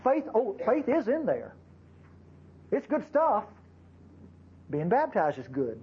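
A man's voice: sits high, wildly swooping pitch, slow, slightly rough, dull audio. A man preaching a sermon to his congregation in a folksy, conversational way, with frequent asides to the listeners. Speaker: pastor.

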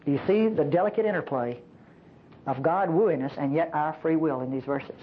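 During a church service, a woman preacher delivers an emphatic, animated sermon, frequently posing rhetorical questions to the congregation. Her voice is low and husky at a normal speed, and the sound quality is lo-fi.

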